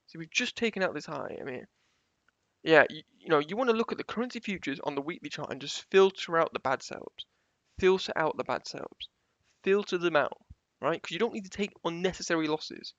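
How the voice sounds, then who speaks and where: A man's voice: sits high, fairly bright tone, no echo. A man giving a casual screen-share tutorial on forex trading, repeating key phrases for emphasis and checking in with the viewer. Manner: conversational, keeps checking in with the viewer. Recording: dull, slightly lo-fi sound.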